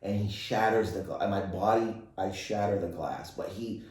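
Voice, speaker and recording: A man's voice: fairly low pitch, moderate pace, a little mellow. A man from Canada, a guest comedian, telling a rambling, profane anecdote on a podcast with bursts of laughter. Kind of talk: casual podcast storytelling. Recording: roomy, distant mic.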